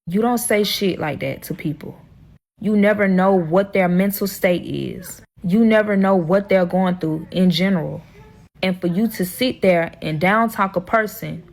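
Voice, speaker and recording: A woman telling her own drama story in a heated, profane, emotional storytime vlog. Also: medium pitch.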